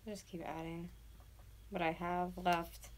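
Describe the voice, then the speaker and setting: A woman's voice: fairly low pitch, level tone, a little slow, slight background noise. A woman in her twenties chatting casually to viewers while she sculpts, rambling and dropping into whispers as she works. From North America. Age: 20s. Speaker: YouTuber.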